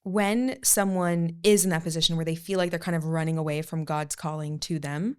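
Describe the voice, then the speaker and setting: A woman's voice: low voice, fairly even intonation, a little fast, darkish tone, clean tone. A woman hosting a podcast, asking a guest thoughtful questions. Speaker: podcast host. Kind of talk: interview questions.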